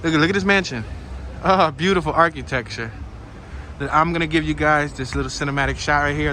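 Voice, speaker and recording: A man narrates a casual walking tour straight to his viewers, chatty and excitable, with slangy asides. His voice sits a bit high for a man. He records on a handheld gimbal camera outdoors, with clear street noise behind him. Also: fairly quick.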